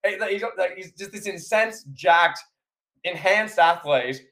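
A podcast co-host with a high-sitting voice speaks a little slowly over some background noise. Animated and casual, he recaps a wrestling match and acts out the commentators' lines.

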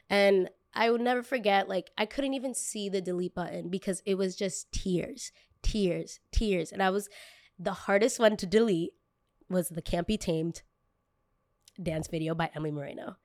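A woman's voice: medium pitch, moderate pace, darkish tone, no echo. Candid young woman telling a painful story. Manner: emotional, candid, lots of "like" fillers. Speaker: content creator. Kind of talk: personal storytelling.

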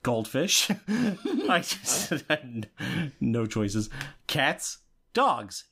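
A man's voice: medium pitch, big pitch swings, very slow, sharp tone, husky. A man co-hosting a podcast in casual chat, reading out quiz questions and laughing often. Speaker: podcast co-host.

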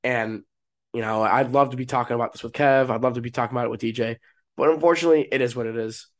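A man's voice: medium pitch, fairly even intonation, fast talker. Young male sports podcast host, sick and stuffed up, casual and rambling with hyped bursts, mid-range voice. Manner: casual, restarts often, rises to hype. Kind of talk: solo sports podcast talk.

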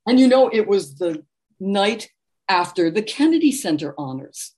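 A middle-aged woman, a book author and interview guest, telling lively anecdotes in a relaxed conversational way. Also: mid-range voice, moderate pace. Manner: animated anecdotal storyteller, warm laughs.

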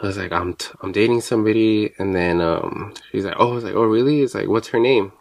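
A young man from New Mexico, co-hosting a podcast and telling a personal story in a relaxed, chatty way, slipping into Spanish now and then. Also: on the low side, quick pace. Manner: relaxed, slips into Spanish, laughs often. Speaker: podcast co-host. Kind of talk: casual chat, personal storytelling.

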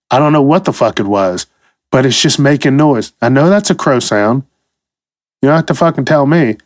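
Guy ranting and cussing on his podcast, slow and fed up, dead dry sound. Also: mid-range voice, dry recording. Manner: profane, exasperated ranting. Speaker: podcast host. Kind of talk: comedic solo rant.

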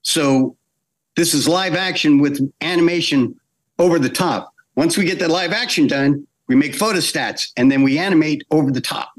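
Slightly high-voiced and speaking at a moderate pace, a man who works as an animator tells behind-the-scenes stories during a relaxed interview. His anecdotes are animated, with quotes acted out and phrases often started over.

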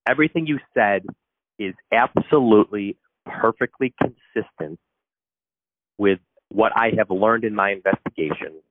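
A very deep-voiced man speaking over a thin, phone-like line that sounds dry and close. He is the podcast host, emotional and effusive as he reacts to what he hears. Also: normal speed, no echo.

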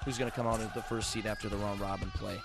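A man's voice: fairly low pitch, flat delivery, fast, vocal fry, over music. A man hosting a casual podcast, loose and profane, who laughs easily with his guest. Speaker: podcast host.

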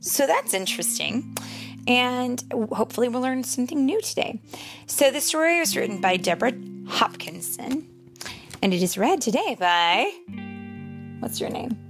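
A young mother reading a picture book aloud to her child, expressive and slow, sometimes dropping into a whisper. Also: fairly high pitch. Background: soft guitar music.

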